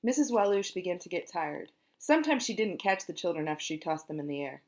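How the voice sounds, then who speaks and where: A woman reading a children's book aloud, animated and singing out the sound effects herself. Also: lowish voice, a little fast. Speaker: storyteller.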